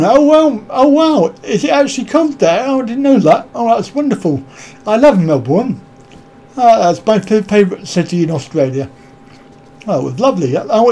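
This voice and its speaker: A man's voice: high-pitched, warm tone. A man hosting a casual live stream, rambling and joking as he greets viewers by name and answers their comments.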